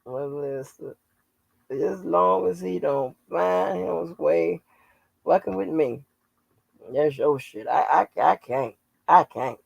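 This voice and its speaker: A woman's voice: low voice, slow, vocal fry, breathy edge, no room sound, muffled recording. A woman hosting her own channel, chatting casually and profanely on a livestream, laughing often as she tells stories. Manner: salty, laughing, profane storytelling. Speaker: channel host.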